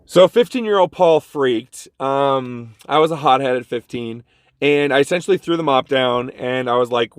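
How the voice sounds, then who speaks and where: A man's voice: mid-range voice, brisk, smooth, no room sound, studio quality. A man telling a casual story about a bad job to his vlog audience, jumping into the voices of the people in it. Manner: animated, jumps into quoted voices. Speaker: vlogger.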